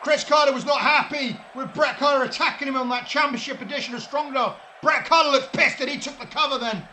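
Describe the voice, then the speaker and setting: Excitable wrestling commentator, high voice. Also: male voice, fast, a little hiss or hum. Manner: shouts and swears in excitement, laughs through calls. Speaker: play-by-play commentator. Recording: roomy sound with loud music behind.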